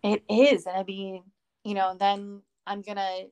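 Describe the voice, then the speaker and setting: A woman's voice: mid-range voice, little pitch movement, measured pace, a little mellow, clean tone. A woman co-hosting a podcast, talking casually and rambling, with many fillers and restarts. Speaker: podcast co-host.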